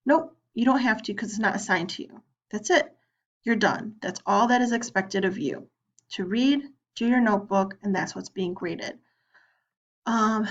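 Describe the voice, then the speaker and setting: A woman's voice: medium pitch, moderate pace, a bit bright, dull audio. A woman teacher walking students through an online lesson, talking casually as she clicks through it and voicing their questions. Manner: chatty, plays both student and teacher. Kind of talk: screen-recorded lesson walkthrough.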